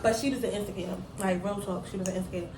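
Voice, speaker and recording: A woman's voice: medium pitch, steady tone, racing, echoey room, background noise. A middle-aged woman telling a story from her school days in a casual chat, slangy and laughing often. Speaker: mother telling a story on a daughter's channel.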